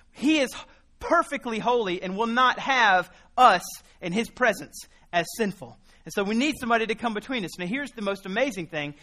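Bright-voiced man preaching earnestly. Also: sits high. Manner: earnest, builds emphasis through repetition. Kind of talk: sermon.

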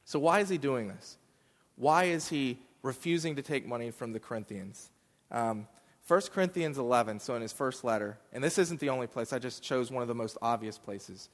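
A man's voice: mid-range voice, normal speed. Guy preaching, chatty and explaining as he goes, lots of echo from a big hall. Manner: conversational, explanatory, with many fillers. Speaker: pastor. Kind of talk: sermon teaching.

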